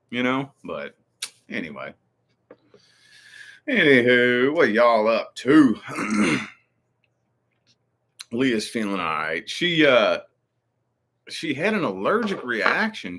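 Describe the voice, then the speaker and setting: A man in his twenties or thirties chats to his viewers in a rambling, profane way. He jumps between stories with lots of animated asides. His voice is on the lower side. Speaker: channel host. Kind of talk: casual livestream chat.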